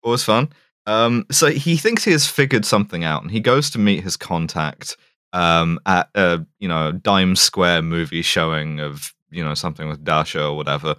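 Rambling low-voiced man, dry mic. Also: moderate pace, pushed and bright, smooth, no echo. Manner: rambling, jokey, lots of fillers. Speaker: podcast co-host. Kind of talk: casual chat recapping a film.

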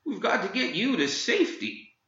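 A man doing a gruff, urgent old man. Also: sits high, sing-song, normal speed, pushed and bright, heavy reverb, lo-fi sound, voice pushed up, exaggerated voice. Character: protective, impatient old man.

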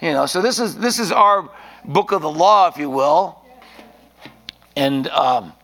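A man's voice: fairly high pitch, lively intonation, measured pace, a bit bright. A man preaching an informal sermon in a rambling, folksy way, often restarting his sentences.

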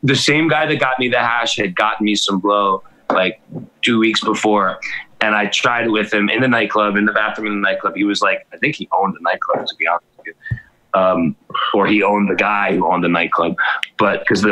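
Bright-voiced man telling rambling stories. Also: lowish voice, fairly even intonation, a little fast, rough recording. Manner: rambling, profane anecdotes with acted quotes. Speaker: guest storyteller. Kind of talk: casual podcast chat.

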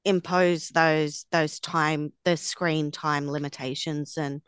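Smooth low-voiced woman, earnest tone. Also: fairly even intonation, slow pace, no room sound. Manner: earnest, firm opinions. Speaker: guest co-host. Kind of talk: casual podcast chat.

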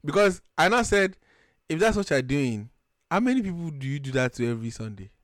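A young man from Nigeria with a Nigerian accent, telling stories in a lively, joking way as a podcast co-host. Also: fairly high pitch, a little fast, dry recording, clean studio sound. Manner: animated, jokey, acts out quotes. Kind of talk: casual chat, storytelling.

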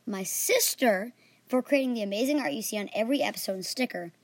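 A girl hosting her own storytelling podcast, reading in an earnest, animated way with small slips. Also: on the high side, fast talker, no room sound.

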